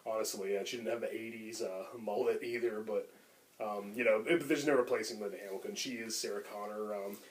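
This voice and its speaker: A man's voice: fairly low pitch, steady tone, fairly quick. A man co-hosting a podcast, talking casually and enthusiastically about films, rambling with lots of fillers. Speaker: podcast co-host. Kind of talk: casual chat.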